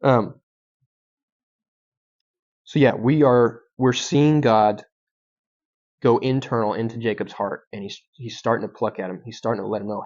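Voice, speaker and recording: A young adult man teaches through a Bible passage as a guest speaker, talking it over casually with plenty of ums and self-corrections. His voice sits at a medium pitch, and the recording is somewhat dull and lo-fi. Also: fairly even intonation, unhurried, pauses often, a little mellow. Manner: conversational, frequent ums and restarts. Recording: dull lo-fi sound.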